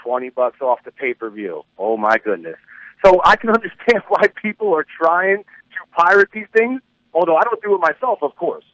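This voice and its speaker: A man's voice: high voice, lively intonation, normal speed, fairly bright tone, no room sound, poor audio. A man co-hosting a radio talk show, giving easygoing, wry opinions on the topics in play.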